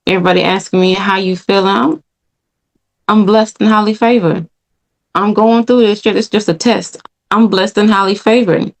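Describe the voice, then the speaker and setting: A woman with a low, gravelly voice hosts her own podcast and tells a personal faith testimony. She speaks earnestly and repeats key phrases for emphasis, in casual American speech. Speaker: podcast host.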